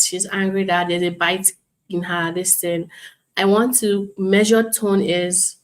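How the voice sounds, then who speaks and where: A woman instructor teaching an online class, speaking calmly and professionally, acting out customer calls as examples. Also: mid-range voice, a little slow. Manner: calm, explains with role-played customer examples. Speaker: bootcamp instructor.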